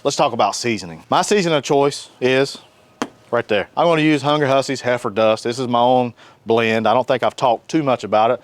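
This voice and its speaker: A man hosts a casual cooking demo outdoors by his grill. He talks in a folksy, joking, animated way, his voice sitting in a middle pitch. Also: brisk. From North Carolina. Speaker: cooking show host.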